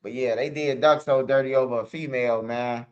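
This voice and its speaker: A man's voice: mid-range voice, fairly even intonation, fairly quick, darkish tone, clean tone, muffled recording. A man hosting a stream, talking in a loose, slangy, rambling monologue full of "man" and "bro". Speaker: streamer host.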